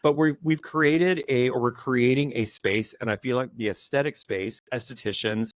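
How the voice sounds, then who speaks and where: Lively male podcast host, dry close sound. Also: mid-range voice, normal speed, no echo. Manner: animated, talks in long run-on thoughts. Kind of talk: casual chat.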